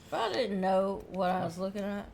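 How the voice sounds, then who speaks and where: Gravelly teasing woman on a stream. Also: mid-range voice, animated, fairly quick, crowd noise. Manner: teasing, playful. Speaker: streamer co-host. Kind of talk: casual reaction chat.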